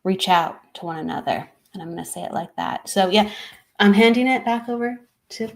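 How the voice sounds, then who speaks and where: A woman's voice: mid-range voice, fairly quick, gravelly. A woman who works as a psychic medium, co-hosting a live-stream show in a casual, chatty way, now and then tripping over her words and laughing at herself.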